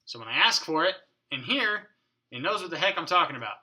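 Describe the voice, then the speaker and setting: A man's voice: fairly high pitch, very animated, fairly quick, pushed and bright. A man hosting a casual coding tutorial at his home desk, thinking aloud, muttering to his code and joking with mild swearing. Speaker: programming tutorial host. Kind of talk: casual screencast coding walkthrough.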